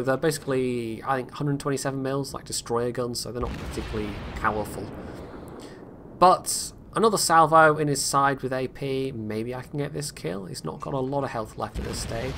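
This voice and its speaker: A man's voice: mid-range voice, noisy background. Rambling man commentating a game replay. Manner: rambling, self-critical, frequent restarts. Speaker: gameplay commentator.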